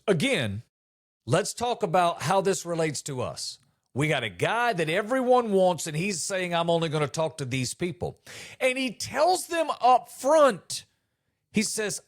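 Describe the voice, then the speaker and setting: A middle-aged man hosting a comedy podcast, delivering an animated monologue and acting out quotes with mock disbelief. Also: sits high, measured pace.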